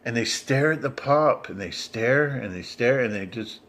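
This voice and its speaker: A man rambling in a monologue, halting and repeating himself with many restarts. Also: medium pitch, expressive, fairly bright tone. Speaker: vlogger.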